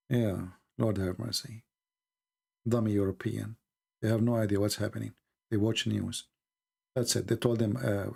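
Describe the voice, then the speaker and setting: Gravelly man ranting on a livestream. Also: lowish voice, moderate pace, pauses often. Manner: animated, rambling, mocks people in put-on voices. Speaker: livestream host. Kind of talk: casual livestream chat.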